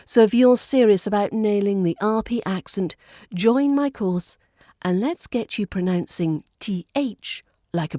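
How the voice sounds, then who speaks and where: A woman's voice: mid-range voice, mellow, no echo, studio quality. A woman accent coach with an RP English accent, giving a scripted, playful lesson with careful enunciation.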